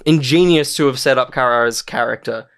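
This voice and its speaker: A man hosting a casual podcast, talking in an enthusiastic, rambling way that is full of "like". His voice sits at an ordinary, middle pitch. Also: moderate pace, a bit bright, clean tone. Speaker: podcast host. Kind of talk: casual chat.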